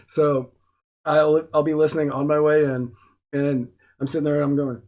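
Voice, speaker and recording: Man, podcast host, slightly high voice, easygoing laughing banter, studio. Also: little pitch movement, moderate pace, a little mellow. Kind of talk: casual podcast chat.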